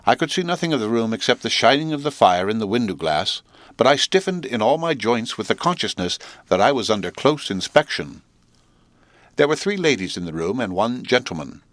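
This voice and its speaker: A man reading a classic novel aloud as an audiobook narrator, in a measured, deliberate manner. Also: medium pitch, big pitch swings, a bit bright, dry recording.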